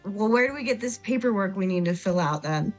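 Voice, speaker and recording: A woman's voice: mid-range voice, lively intonation, soft background music. A woman playing a tabletop game, speaking casually and playfully, slipping in and out of her character. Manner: casual, playful, quick asides. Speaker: player.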